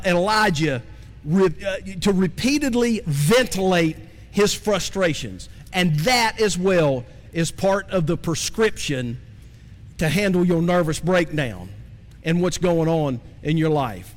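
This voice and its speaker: Animated high-voiced male preacher in a reverberant hall. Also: slow. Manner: conversational preaching, asks the congregation questions. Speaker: pastor. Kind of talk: sermon. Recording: long reverb from a large hall.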